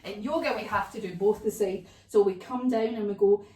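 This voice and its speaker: Animated woman leading kids' yoga. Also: mid-range voice, fairly quick, a little hiss or hum. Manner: animated, sing-song, sound effects. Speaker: children's yoga teacher. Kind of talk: storytelling kids' yoga lesson. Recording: echoey room, voice from far off.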